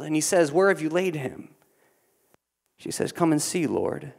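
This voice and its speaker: A man preaching a sermon, earnest, often repeating words as he restarts, dropping quiet and then building to emphatic peaks. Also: a little high, animated, unhurried, gravelly. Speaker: pastor.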